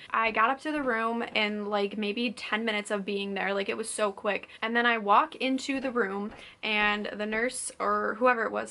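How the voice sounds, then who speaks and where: A woman's voice: on the high side, bright, forceful tone. A young woman vlogger telling a story casually to camera, chatty and full of "like," acting out what people said. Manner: chatty, says "like" constantly, acts out quotes.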